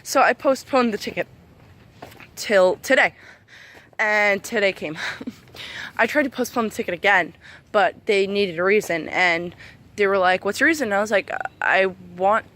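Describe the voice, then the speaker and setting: A woman's voice: mid-range voice, unhurried, long pauses, fairly bright tone. A woman in her twenties angrily venting in a casual vlog, swearing a lot while walking outdoors among trees. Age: 20s. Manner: angry, profane, venting. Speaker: vlogger.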